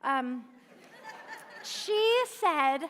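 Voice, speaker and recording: High-voiced woman preaching in a reverberant church. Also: animated, drawn-out words, a bit bright, some chatter behind, slight background noise. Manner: earnest, asks questions and answers them. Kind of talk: sermon. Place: church sanctuary. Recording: long church-hall reverb.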